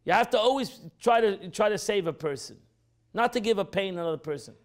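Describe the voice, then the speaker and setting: High-pitched, animated rabbi teaching a class. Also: male voice, fast. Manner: acts out quoted speech with pitch jumps, repeats phrases.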